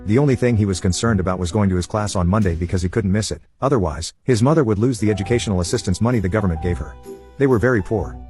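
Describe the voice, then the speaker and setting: A man narrating online stories in an even, unhurried reading voice. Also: fairly low pitch.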